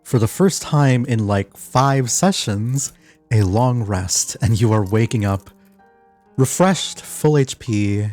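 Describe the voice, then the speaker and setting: A young man running a tabletop game as game master, talking in a halting way with many fillers. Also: medium pitch, expressive, a little mellow, soft background music.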